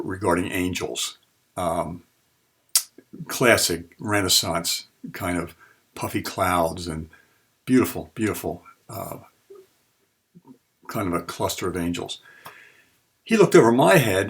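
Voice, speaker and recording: A man with a very low, husky voice gives a spiritual talk to his listeners. He tells his personal experiences earnestly and unhurriedly, winding through each story as he goes. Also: fairly bright tone. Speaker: spiritual teacher.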